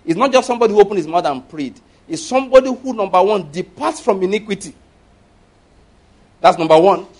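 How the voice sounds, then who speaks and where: High-voiced man preaching emphatically. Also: lively intonation. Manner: emphatic, rising and falling with stress, asks the congregation questions; reads scripture aloud slowly and forcefully. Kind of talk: sermon.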